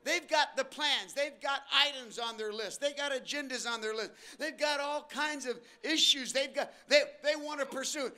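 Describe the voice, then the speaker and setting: In a church auditorium, an elderly male pastor preaches with abrupt changes in speed and loudness, moving between deliberate, stressed phrases and fast side remarks. His voice is very high-pitched, and he acts out the people he talks about for a moment.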